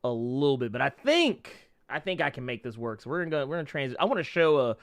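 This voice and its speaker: A man's voice: mid-range voice, very animated, fast talker. A man hosting a casual interview chat, rambling with many restarts and frequent laughter. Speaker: podcast host.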